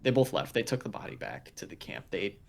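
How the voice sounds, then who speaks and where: Man game master, deadpan. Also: on the low side, a little fast, creaky. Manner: deadpan, wry descriptions. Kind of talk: narrating a tabletop game.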